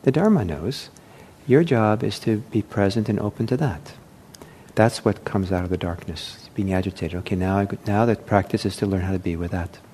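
A man teaching meditation in a gentle, unhurried way, with many pauses, fillers and restarts. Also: on the low side, slight background noise. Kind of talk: dharma talk.

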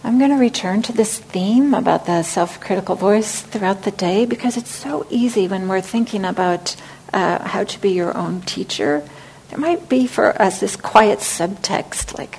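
Woman, meditation teacher, dharma talk, gravelly voice, gentle and reflective, faint background hum. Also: mid-range voice, normal speed, poor audio.

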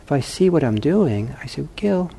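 A man teaching meditation who answers questions from the audience in a calm, gently humorous way and thinks aloud as he talks. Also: medium pitch, normal speed, creaky, breathy edge.

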